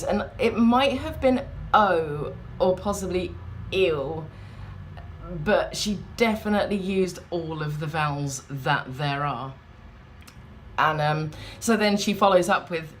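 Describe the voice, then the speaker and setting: A woman's voice: lowish voice, a little hiss or hum. A woman chatting in a rambling, wry way, vlogging from a hotel room. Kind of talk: casual vlog chat.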